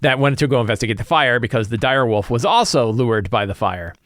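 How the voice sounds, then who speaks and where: A man's voice: medium pitch, a little fast, no echo, studio quality. A middle-aged man, a game master, chatting casually as he recaps his tabletop session and preps the next one. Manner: animated storyteller, loose and chatty, many fillers like "like". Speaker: game master and tabletop RPG content creator. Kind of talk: casual recap and campaign-prep chat.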